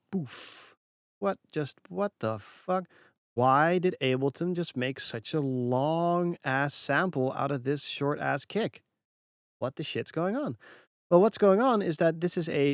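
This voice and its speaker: A man who works as a mixing engineer, explaining a music production point in an animated, casual tutorial that swears freely and acts out the people he quotes. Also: fairly high pitch, dry recording, studio quality.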